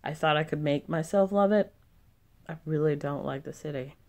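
Low-voiced irritated woman venting. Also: normal speed, a little mellow. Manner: irritated, venting, swears often. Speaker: vlogger. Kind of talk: casual vlog chat.

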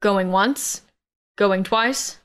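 A woman's voice: medium pitch, very slow, a bit bright, clear, resonant tone. A woman voicing a cold, grudging father. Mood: flat announcing. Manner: formal, unenthusiastic announcer. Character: cold, aloof middle-aged father, male.

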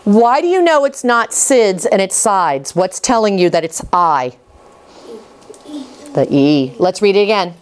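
A woman teaching young readers in a classroom. Her voice sits at a middle pitch, and she keeps up a steady stream of encouraging praise and quick prompts. She sounds like an experienced teacher running a phonics drill. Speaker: reading teacher.

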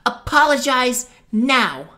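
A woman's voice: mid-range voice, expressive, moderate pace, pitched above the performer's own voice, natural voice. A woman voicing a kind but firm young forest girl in a storybook reading. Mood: stern. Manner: warm, stern when crossed.

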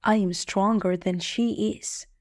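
A woman voices a brooding gentleman who is master of the house, in an audiobook for learners. Every word comes slow and plain, at a very unhurried pace. The sound is close and dry. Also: mid-range voice, steady tone, dry recording, lightly acted. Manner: slow, plain, clearly spoken. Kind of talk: audiobook character reading for learners.

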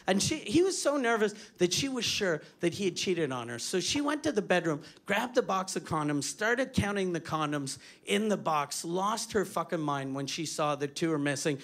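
A man's voice: high-pitched, animated, normal speed, few pauses. A man from Quebec doing a crude, self-mocking stand-up comedy set on a club stage, telling a story with lots of profanity. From Quebec, Canada. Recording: live club with loud audience laughter. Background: audience laughing.

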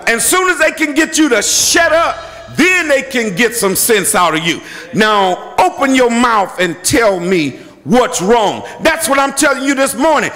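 A bishop delivers his sermon in a very high, sharp voice. He repeats his points and keeps breaking into shouts. His words ring with the long echo of a church hall. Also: expressive, normal speed. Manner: emphatic, repetitive, bursts into shouting. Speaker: bishop and pastor. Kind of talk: preaching a sermon. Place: church sanctuary.

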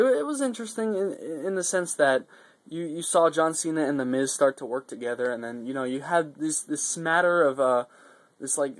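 A man giving a casual, rambling video recap, swearing often and getting worked up between fillers and restarts. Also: a little high. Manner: profane, excitable, rambling with fillers. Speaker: vlogger reviewing a wrestling show.

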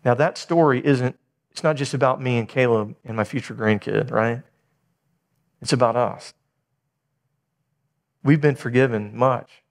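Middle-aged male pastor, sermon delivery, animated storyteller, middle pitch. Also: measured pace, creaky, pauses often. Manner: animated storytelling, acting out dialogue.

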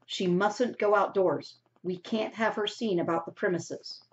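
A woman's voice: mid-range voice, steady tone, close to an everyday voice. A woman reading aloud and voicing a stern, practical older housekeeper in a storybook, on a dull lo-fi recording. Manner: firm, measured, warning.

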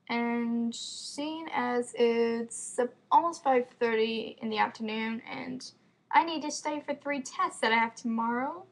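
A woman's voice: on the high side, a little slow. A teenage girl chatting casually to her viewers on a computer mic, giggly and self-deprecating. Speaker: vlogger. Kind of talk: casual chat to camera.

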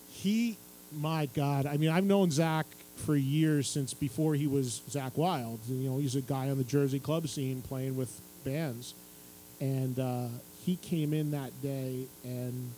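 A middle-aged man telling an animated anecdote to a live audience at a book signing, acting out other people's lines and laughing as he goes. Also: mid-range voice, slight background noise, low-quality recording. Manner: lively storyteller who acts out other people's lines and laughs through the tale. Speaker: radio and TV music host telling a story at a book signing. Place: radio station stage at a public event.

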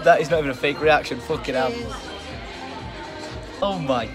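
A man vlogging casually from a hotel restaurant, excitable and jokey, swearing casually. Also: a little high, normal speed. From England. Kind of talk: casual vlog chat. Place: hotel restaurant high up a tower, indoors. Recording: music and crowd chatter behind.

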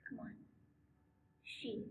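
A woman making quick, offhand side remarks to a friend playing a game. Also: recorded from a distance, a little hiss or hum. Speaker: gaming friend. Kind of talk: casual chat. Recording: off-mic voice in a room.

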